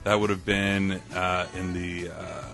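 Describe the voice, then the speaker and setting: A man's voice: low voice, flat delivery, unhurried, creaky, music in the background. A man from Canada, a guest on a casual podcast, talking hesitantly with many restarts and sounding tired.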